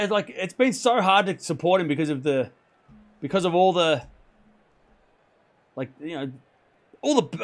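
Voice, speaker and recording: A hoarse man hosting a live tennis stream, talking excitably and rambling while chatting with viewers. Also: sits high. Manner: excitable, rambling, self-correcting. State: hoarse from hours of shouting.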